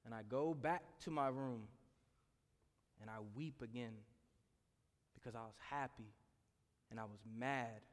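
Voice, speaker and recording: A man earnestly telling a personal testimony with animated storytelling. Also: medium pitch, a little slow, pauses often. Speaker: speaker sharing a testimony. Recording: long reverb in a hall.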